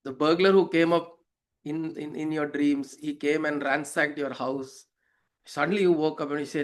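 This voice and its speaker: A man's voice: a little high, steady tone, normal speed. A man explaining a scripture verse as a spiritual teacher, reflective, asking rhetorical questions and telling parables.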